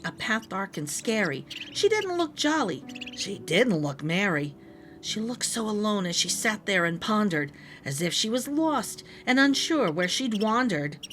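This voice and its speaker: A woman's voice: fairly high pitch, a bit bright, slight background noise. A woman narrating a rhyming picture book aloud as a storyteller, reading expressively.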